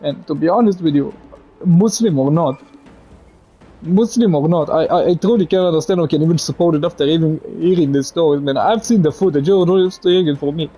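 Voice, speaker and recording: Tearful high-voiced man, halting and husky. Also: mellow, low-quality recording. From Israel. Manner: halting, repeating words, frequent "man". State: crying. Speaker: vlogger. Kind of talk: emotional direct-to-camera monologue.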